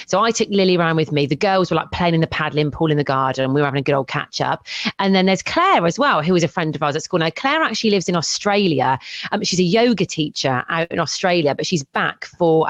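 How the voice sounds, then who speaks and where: Woman podcast co-host, lively storyteller, dry close sound. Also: on the low side, no echo. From England, Herefordshire. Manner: chatty storyteller, quick to laugh. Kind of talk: casual chat.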